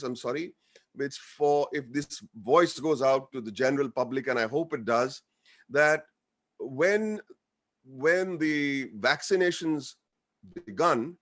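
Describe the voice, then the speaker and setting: A man with an Indian accent speaking to a webinar over a video call, joking and earnest by turns, slipping between English and Hindi. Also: on the high side. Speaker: guest speaker, actor. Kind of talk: informal webinar speech.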